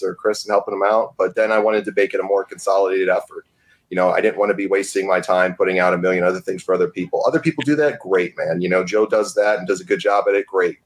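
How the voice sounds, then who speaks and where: Low, quick-talking man; defensive, insistent podcaster in loose banter. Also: fairly even intonation. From upstate New York. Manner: defensive, insistent, repeats himself.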